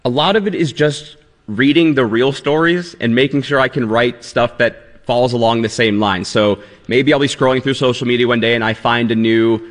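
A man's voice: mid-range voice, steady tone, moderate pace, big-room sound. A man running a quiz segment on a radio show, explaining casually with fillers and restarts. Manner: chatty, explaining with many fillers.

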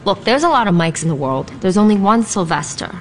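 A woman's voice: mid-range voice, sing-song, a little fast, slight background noise, natural voice. An actress playing a persuasive, encouraging woman in a film scene, giving a pep talk. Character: encouraging woman urging a young actor on.

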